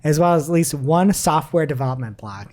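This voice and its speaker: A woman hosting a casual news podcast, her voice sitting on the lower side. Her pitch swings widely as she chats, and she often breaks into laughter while reading quotes aloud. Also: lively intonation, a little fast, warm tone. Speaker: podcast co-host.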